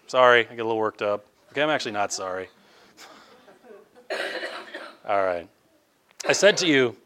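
A middle-aged male pastor preaching a fervent sermon, his pitch leaping up and down with emphasis. He drops to quiet, confiding asides, then surges back into loud, emphatic declarations. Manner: closes in prayer.

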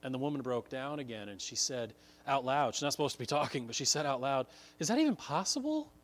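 A man's voice: medium pitch, steady tone, quick pace, a bit bright. A man preaching a sermon, telling a story earnestly and building to emphatic points. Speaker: pastor.

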